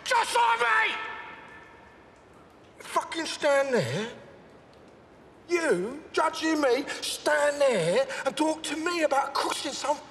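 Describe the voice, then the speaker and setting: A menacing gangster in a period crime drama, rambling and swearing as he lurches between mutters and shouts. His voice is high, lively and sharp-edged. It rings in a reverberant space with faint noise behind it. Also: slow, heavily acted. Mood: menacing rant. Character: volatile London gangster, middle-aged man, rambling and menacing.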